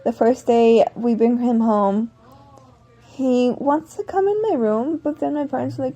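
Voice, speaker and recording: A woman vlogger talks in a fairly high, mellow voice, winding through a personal story at her own loose pace. She rambles, backtracks and corrects herself mid-sentence in a casual, chatty way. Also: big pitch swings, moderate pace.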